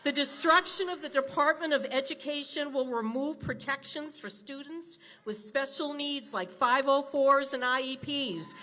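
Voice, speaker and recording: An older woman in her sixties delivers an indignant, rousing rally speech into a podium mic. Her voice sits high and sounds sharp and bright. A faint hiss runs underneath it. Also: moderate pace, hardly any pauses. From Wisconsin. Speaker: rally speaker. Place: large indoor rally with crowd.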